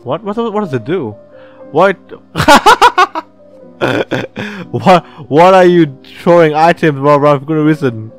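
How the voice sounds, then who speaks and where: A gaming channel host with a voice on the high side speaks a little slowly, with faint music behind him. In his casual let's-play he's chatty, reads the game's text aloud, laughs often, and swears.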